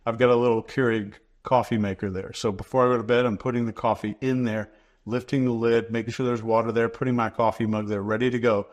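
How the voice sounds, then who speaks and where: A man, a guest in an interview, explaining ideas in a measured, instructive way and repeating key phrases for emphasis. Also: mid-range voice, little pitch movement. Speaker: behavior expert guest.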